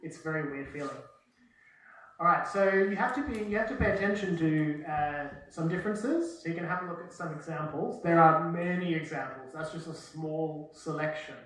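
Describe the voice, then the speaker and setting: A man's voice: on the high side, moderate pace, a bit bright. A man with an Australian accent giving a joking, self-deprecating classroom lecture and slipping into Mandarin now and then. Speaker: university lecturer. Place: large echoey lecture room. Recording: echoey lecture hall from far off.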